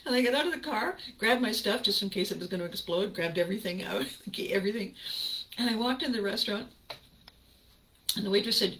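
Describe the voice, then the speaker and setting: A woman's voice: mid-range voice, sharp tone, poor audio. A woman hosting her own show, telling a personal story casually and animatedly, laughing often and acting out her reactions. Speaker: podcast host.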